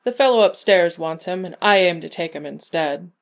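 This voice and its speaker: A woman's voice: fairly low pitch, lively intonation, normal speed, gravelly. A woman voicing a silky-voiced, sly male devil. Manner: drawling, teasing menace. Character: silky, smug male devil, tall and handsome.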